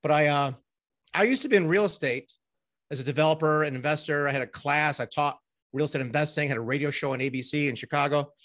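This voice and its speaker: A middle-aged man with a slightly high voice speaks as an interview guest over a remote connection. He tells his stories in a rambling, animated way, full of fillers and restarts. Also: quick pace. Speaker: podcast guest, ghostwriting company owner. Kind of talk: casual interview storytelling.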